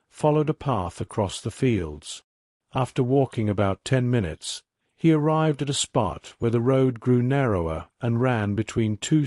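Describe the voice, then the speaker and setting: Slow, calm male storyteller. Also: medium pitch, no echo, studio quality. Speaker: narrator. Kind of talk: scripted narration of a bedtime mystery story.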